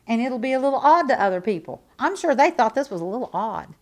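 A woman preaching a sermon with a fairly high voice. She is emphatic and repeats her points, swinging from loud declarations to hushed asides. Her delivery is conversational and folksy, full of rhetorical questions. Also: sing-song, fast.

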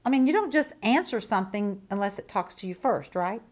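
A woman preaching a sermon in an emphatic, repetitive way. She moves between loud declarations and quiet asides, with folksy rhetorical questions. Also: mid-range voice, expressive, brisk.

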